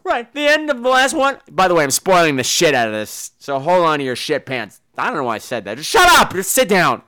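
A man with a high, bright, crisp voice who tears into films on his podcast. He rants with sarcasm and heavy swearing, swinging his pitch all over the place as he mocks the actors. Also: huge pitch swings, brisk. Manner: sarcastic, swears freely, mimics people. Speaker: podcast host reviewing films. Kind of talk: profane comedic rant.

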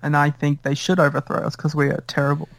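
A man's voice: fairly high pitch, completely flat delivery, quick pace, creaky, a bit bright, no room sound. Man, podcast host, easygoing, laughs a lot, dry sound. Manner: giggly, easygoing. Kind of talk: casual chat.

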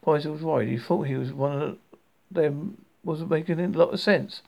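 A man reading a comic novel aloud, halting and restarting often as he stumbles over words. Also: a little high, gravelly, darkish tone. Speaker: audiobook reader.

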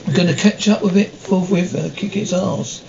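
Polite soft pirate captain, kinda high voice, muffled tv sound, faint hiss. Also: male voice, steady tone, normal speed, gravelly. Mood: rallying. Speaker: ship's captain. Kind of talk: comedy TV series acting.

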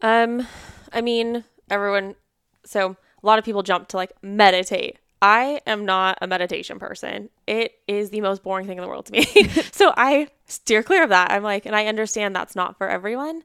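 A woman therapist speaks in a relaxed podcast conversation, leaning on "like" as she acts out quoted clients. Her voice is very smooth and resonant. The sound is dry and close to the mic. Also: mid-range voice, a little fast, dry recording. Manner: chatty, many "like" fillers, acts out clients with quoted voices, laughs often.

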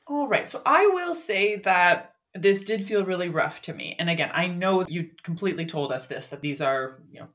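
A young woman co-hosting a podcast, giving a casual, rambling critique full of "like" and "you know". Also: deep voice. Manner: rambling, filler-heavy, lots of "like" and "you know". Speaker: podcast co-host critiquing manuscripts.

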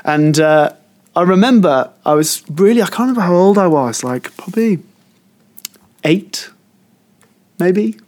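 A man's voice: high-pitched, animated, unhurried, pauses often, a little mellow. A man co-hosting a casual podcast chat, telling long stories that wander, trail off and restart as he goes. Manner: rambling storyteller who often trails off and restarts. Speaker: podcast co-host.

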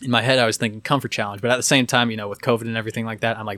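A young man in his twenties, co-hosting a podcast, telling a story in a casual, animated way. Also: fairly low pitch, no echo. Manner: animated, fast storytelling with lots of quoting. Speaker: podcast co-host.

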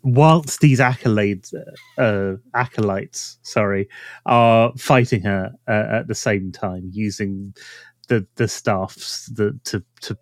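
A man's voice: on the low side, takes it slowly, no room sound. A man co-hosting a casual podcast, talking through story ideas and restarting his phrases while he thinks. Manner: thinks aloud with restarts, trails off softly. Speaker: podcast co-host. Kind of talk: casual chat.

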